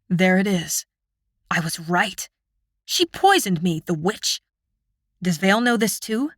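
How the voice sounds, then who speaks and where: A woman's voice: fairly low pitch, lively intonation, measured pace, long pauses, no echo, studio quality. A woman reading a fantasy novel aloud in the first person, tense and earnest. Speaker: audiobook narrator. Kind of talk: scripted first-person narration.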